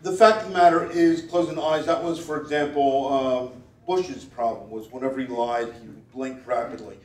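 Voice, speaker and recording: A man's voice: mid-range voice, fairly even intonation, moderate pace, a little mellow. A man performing a live stage act with audience volunteers at a gala, teasing them with wry asides and chanting repeated commands. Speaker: stage performer reading body language. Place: event hall at a gala. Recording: roomy hall, voice picked up from a distance.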